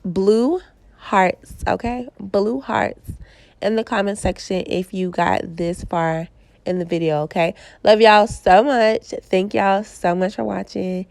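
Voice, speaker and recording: A woman's voice: mid-range voice, slow, creaky, a little mellow, no echo. A young woman with a Southern US accent, stuffy and congested from a cold, chatting casually through a hair tutorial and checking in with "okay?". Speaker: hair stylist vlogger.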